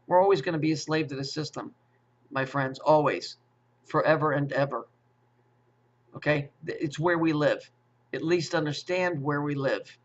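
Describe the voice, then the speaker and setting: Male commentator, fairly high-pitched, profane rambler who stammers and restarts, muffled lo-fi audio. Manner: profane, repetitive, with stammered restarts and rhetorical questions. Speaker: conspiracy commentator. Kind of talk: rambling monologue.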